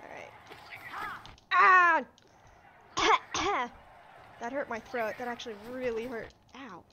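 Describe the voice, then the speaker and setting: A woman giving live commentary over her gameplay, excitable, yelping and talking back to the enemies on screen. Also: on the high side, measured pace, noisy background. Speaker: let's play streamer.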